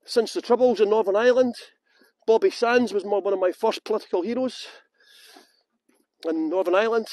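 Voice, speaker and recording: A man's voice: high-pitched, a little fast, long pauses, a little mellow, no echo. A middle-aged man with a strong Scottish accent, chatting to viewers by name as he leads a live-streamed walking tour through town streets at night, laughing often. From Scotland. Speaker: tour guide.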